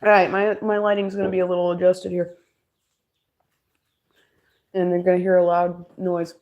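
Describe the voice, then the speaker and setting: A woman's voice: lowish voice, monotone, moderate pace, highs cut off. A young woman streaming while she crafts, rambling and joking with her chat and laughing often, at home. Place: at home, moving furniture.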